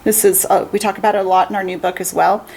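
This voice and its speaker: A woman's voice: mid-range voice, little pitch movement, quick pace, darkish tone, rough recording. A woman who owns a craft shop, hosting a casual livestream demonstration in a chatty, upbeat way and laughing often.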